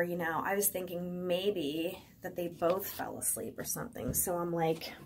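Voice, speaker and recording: A woman's voice: on the low side, normal speed, few pauses. Chatty mother vlogging at home. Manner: chatty, many fillers, acts out quotes. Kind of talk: casual personal vlog. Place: indoors at home.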